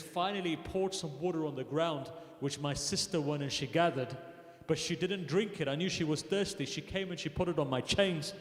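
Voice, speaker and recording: Man preaching in an echoey mosque hall. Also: a little high. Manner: storytelling, voicing quoted figures with rising intensity. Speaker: speaker at a mosque gathering. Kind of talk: emotional sermon narration. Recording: echoey hall with long reverb.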